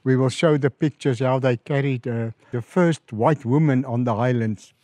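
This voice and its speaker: Speaking at a moderate pace with no room sound, a middle-aged man with a South African accent recounts his mission experiences as a pastor in an interview. When he quotes the calls he received, he performs the callers' voices, growing louder and higher with animated energy.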